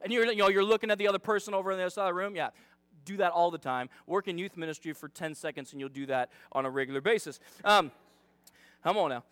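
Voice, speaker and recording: Chatty high-voiced male youth preacher. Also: fast, fairly bright tone, smooth, no echo. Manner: chatty, dramatizing, self-deprecating. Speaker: youth pastor. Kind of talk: casual sermon.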